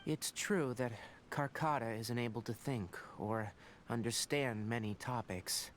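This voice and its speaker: An actor playing a somber young male scholar in a game, calm and measured. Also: mid-range voice, slight background noise, lightly acted.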